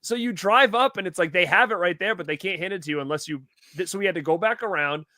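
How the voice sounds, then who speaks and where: Bright-voiced man hosting a casual chat. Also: high voice, quick pace, no room sound, studio quality. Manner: animated storytelling, acts out quotes. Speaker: podcast host.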